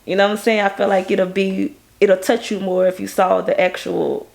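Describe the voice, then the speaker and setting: A woman, a music video director, telling stories in a casual interview with animated energy. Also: moderate pace, creaky. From Baton Rouge, Louisiana. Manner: animated, acts out quoted people in a higher voice.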